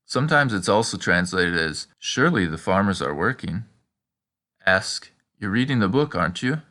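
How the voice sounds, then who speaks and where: Male teacher for a scripted lesson, bright and forceful tone, slows down for the examples. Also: low-pitched, very animated. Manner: prompting the listener with questions and pauses. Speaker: language teacher.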